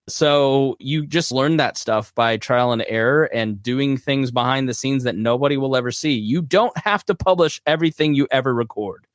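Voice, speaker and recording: A man's voice: medium pitch, moderate pace, no room sound. Middle-aged guy hosting a live podcast q&a, laid back and chatty, dry sound. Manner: relaxed, conversational with fillers like "like". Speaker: podcast host. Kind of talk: casual live Q&A talk.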